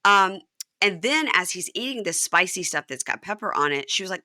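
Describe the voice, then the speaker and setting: A woman in her thirties hosting a podcast, recapping a reality show in casual chat and acting out the cast's lines in lively voices. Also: on the low side, moderate pace, no room sound, studio quality. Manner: animated, acts out quotes in lively voices. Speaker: podcast host.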